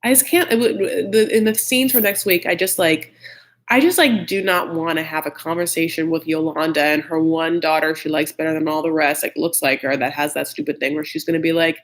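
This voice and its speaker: A man's voice: a little high, steady tone, fairly quick, a bit bright. A man hosting a live chat recap of a reality show, gossipy and blunt, with frequent "like" and mocking impressions of the cast.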